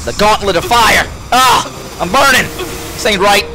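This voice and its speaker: A man doing excitable, trash-talking commentary on the game he is playing. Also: high voice, measured pace, a little hiss or hum. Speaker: let's play gamer. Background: game music.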